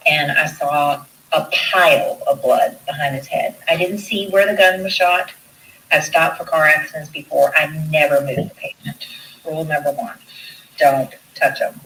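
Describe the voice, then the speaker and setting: A woman nurse tells her story in an interview, livening it up by acting out what others said. Her voice is bright and a little distant, like a news clip played back with faint noise behind it. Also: sits low, fairly even intonation, moderate pace. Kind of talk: recounting an event in an interview.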